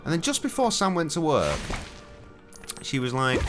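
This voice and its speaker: A man's voice: on the high side, wildly swooping pitch, moderate pace, over music. A middle-aged man, streaming a video game at home and telling stories in sweary, cheeky banter. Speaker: gaming streamer. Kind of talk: casual commentary with storytelling. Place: home, indoors.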